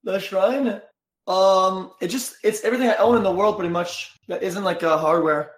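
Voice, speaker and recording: A man from Quebec with a French accent, a streamer in rambling, halting casual chat. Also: high-pitched, echoey room. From Quebec, Canada.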